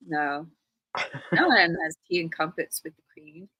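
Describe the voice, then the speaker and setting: Bright, crisp-voiced woman chatting on a stream. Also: deep voice, measured pace, dry recording, poor audio. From Australia. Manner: chatty, rambling anecdotes with a laugh. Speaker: live stream host. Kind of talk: casual chat.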